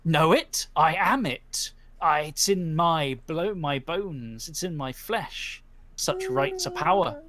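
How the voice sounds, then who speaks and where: A man's voice: on the high side, very animated, slow, fairly bright tone, exaggerated voice. A man voicing a ten-foot three-headed horse spirit that talks in a blunt, folksy way with sudden threats. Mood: proud.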